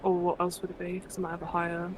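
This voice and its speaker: A woman's voice: fairly low pitch, completely flat delivery, rapid-fire, a little hiss or hum, low-quality recording. A woman playing a tabletop game, asking curious questions about what her character can check. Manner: curious, asks rules questions. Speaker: player. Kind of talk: casual tabletop play.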